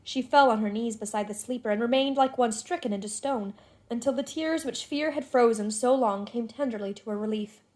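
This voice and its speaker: A woman reads a classic novel aloud in a measured, expressive way. Her voice sits fairly high for a woman. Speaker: audiobook narrator. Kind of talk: scripted narration of a classic novel.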